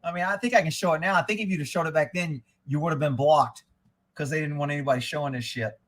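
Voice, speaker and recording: A middle-aged man chats loosely through a casual livestream, irreverent and quick to chuckle. His voice sits high for a man. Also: a bit bright. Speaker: livestream host.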